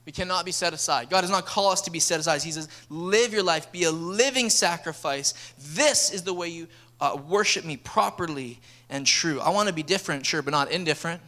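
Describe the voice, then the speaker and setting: A high-pitched, energetic male pastor preaches to his church. He tells stories with lively momentum and slips into voices for the people in them. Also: brisk. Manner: energetic, storytelling, acts out dialogue. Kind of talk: sermon. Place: church sanctuary.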